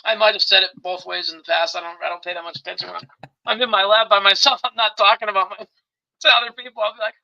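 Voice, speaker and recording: Fast, gravelly, bright man on a lo-fi line. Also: high voice. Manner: excitable storyteller, laughs often, animated ranting. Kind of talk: casual chat.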